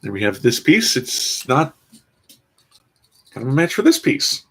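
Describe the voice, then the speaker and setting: A man's voice: medium pitch, big pitch swings, measured pace, husky. A man casually commenting as he builds a toy kit, rambling with dry, self-mocking asides. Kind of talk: casual live-stream commentary.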